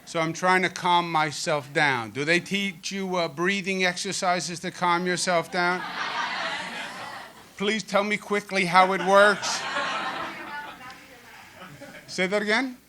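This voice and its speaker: A man's voice: high-pitched, fairly even intonation, takes it slowly, long pauses, bright, forceful tone, slight background noise. A man in his fifties with a Queens New York accent, giving a folksy, joking public speech as governor at a school event. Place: school event before an audience.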